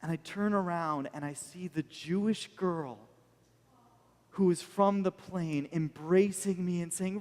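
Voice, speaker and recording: An American man preaches a sermon with a high-pitched voice, telling his story earnestly and with feeling. His voice rings with a long reverb from the church hall around him. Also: measured pace, darkish tone. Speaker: pastor.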